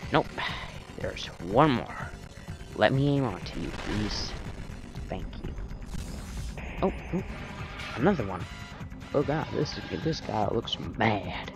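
A man in a put-on British accent gives rambling let's-play commentary and talks to the enemies on screen. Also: fairly low pitch. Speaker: gamer. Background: game music.

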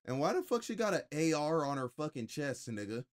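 A man's voice: on the high side, big pitch swings, a little fast. A man streaming a reaction to a video, talking bluntly and mockingly with lots of profanity. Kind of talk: casual reaction commentary.

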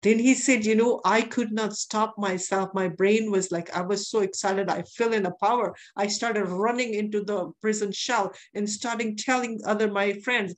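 A woman's voice: mid-range voice, steady tone, moderate pace. A woman preaching a sermon, telling a testimony in an earnest way and repeating phrases for emphasis.

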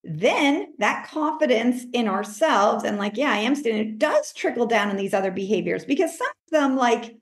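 A woman life coach talking in a casual interview, animated, acting out her own self-talk in a higher voice. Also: normal speed, few pauses, roomy sound. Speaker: life coach, podcast guest.

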